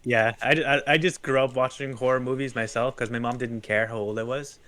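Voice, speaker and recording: Animated male podcast guest who laughs through his stories and acts out the quotes. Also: medium pitch, fairly quick. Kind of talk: casual storytelling.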